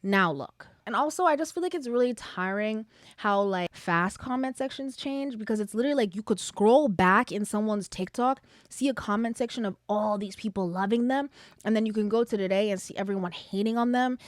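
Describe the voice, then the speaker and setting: A woman's voice: medium pitch, fairly quick, dry recording, studio quality. Chatty opinionated young woman podcaster. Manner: chatty, opinionated, frequent "like" fillers. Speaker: podcast host. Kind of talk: casual solo podcast chat.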